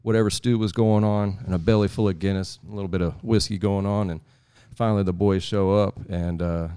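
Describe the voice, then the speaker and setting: Podcast guest, low voice, rambling folksy storyteller. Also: male voice, fairly even intonation, fairly quick, mellow, clean tone. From Texas. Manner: rambling, folksy, chuckling asides. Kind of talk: casual storytelling.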